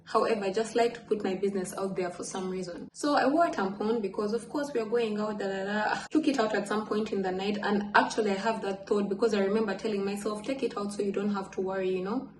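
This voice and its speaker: A woman's voice: mid-range voice, darkish tone, echoey room, a little hiss or hum, low-quality recording. Candid chatty woman vlogging at home. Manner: chatty, candid, swears, jumps between asides. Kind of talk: casual storytime vlog. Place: home apartment.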